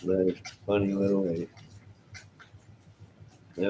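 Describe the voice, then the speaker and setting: A man's voice: low-pitched, little pitch movement, normal speed, pauses often, dark tone, slight background noise, poor audio. A man hosting a casual live stream, reacting to his chat with jokes, exclamations and frequent laughs. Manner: joking, exclamatory, laughs often. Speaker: livestream host reading chat.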